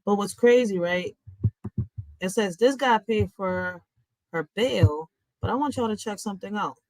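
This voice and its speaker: A woman talks bluntly to her viewers while reacting to a news clip. Her voice sits mid-range and the room sounds dry and close. She keeps a chatty, animated tone. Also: mid-range voice, a little slow, no echo, poor audio. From Philadelphia, USA. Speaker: host of a reaction channel. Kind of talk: casual reaction commentary.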